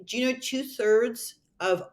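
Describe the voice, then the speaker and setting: A woman doctor speaking as a podcast guest, animated and emphatic with quick asides. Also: a little high. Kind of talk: podcast interview.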